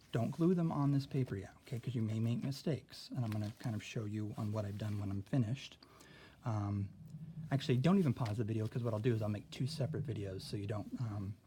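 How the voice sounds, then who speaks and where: In a classroom phonics lesson, a male teacher patiently walks students through a word sort step by step, often checking in with "okay?" His voice is fairly low and warm, and the recording carries a little hiss or hum.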